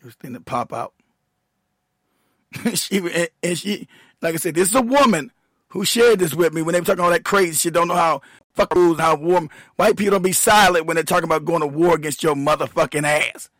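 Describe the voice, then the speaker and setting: A man rants heatedly on his livestream, swearing freely and breaking into laughter. His voice sits high for a man and sounds dry and close. He keeps trailing off and muttering as he wrestles with his computer. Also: brisk, a bit bright, dry recording. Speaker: show host, military veteran. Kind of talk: profane livestream rant.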